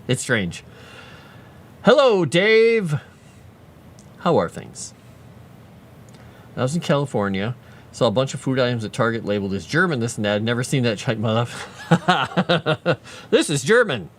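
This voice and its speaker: A man's voice: mid-range voice, fairly bright tone. A man casually chatting with his livestream viewers, rambling through tangents while working on his lore writing.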